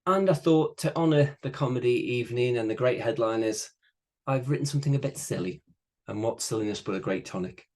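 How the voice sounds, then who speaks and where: A man's voice: mid-range voice, a little fast, a little mellow. A man at an open mic reading his own poems over a video call, with playful wordplay and rhythmic delivery. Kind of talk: poetry reading.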